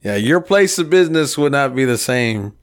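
A man's voice: medium pitch, animated, normal speed. A man in his thirties, co-hosting a podcast, telling crude garage stories in casual chat and acting out the quotes. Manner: profane, rowdy storytelling with acted-out quotes. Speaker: podcast co-host.

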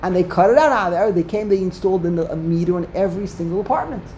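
A man's voice: high voice, animated, quick pace, a little mellow, a little hiss or hum. A man leading a Talmud study discussion, asking rhetorical questions and mixing in Hebrew terms. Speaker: Torah study teacher.

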